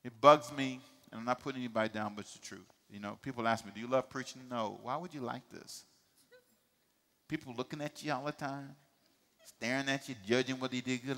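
A middle-aged male pastor preaching a sermon, with emphatic call-and-response delivery that swings from quiet asides to shouting. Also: medium pitch, fairly even intonation, a little fast, long reverb tail. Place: church sanctuary.

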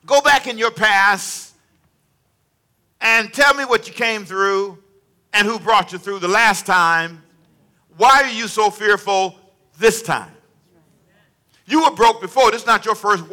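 Animated high-voiced bright male preacher. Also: unhurried. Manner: animated, call-and-response with congregation; acts out dialogue with varied volume. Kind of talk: sermon.

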